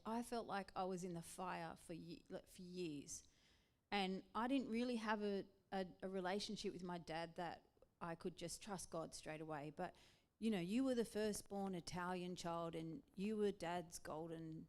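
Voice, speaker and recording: An Australian woman talking in a relaxed church interview. She speaks as a pastor's wife, chatty and animated, and laughs readily as she talks. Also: lowish voice, normal speed.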